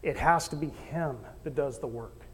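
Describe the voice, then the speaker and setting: A man preaching a sermon as pastor, animated storyteller who acts out voices and jokes with the congregation. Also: fairly high pitch, normal speed, in a large hall. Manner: animated storytelling, acting out quoted voices, joking with the crowd. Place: church stage in a hall.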